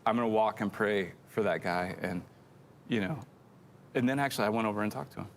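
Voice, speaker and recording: A man's voice: fairly low pitch, fairly quick, slight background noise. A middle-aged man co-hosting a church show, telling a rambling, self-deprecating story in casual chat.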